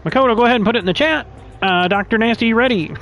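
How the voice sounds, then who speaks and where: A man's voice: extremely high pitch, rapid-fire, fairly bright tone, faint music behind, poor audio. A man hosting an online racing league, calling roll over a headset in an easygoing, joking way. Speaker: race league host. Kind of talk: casual voice chat roll call.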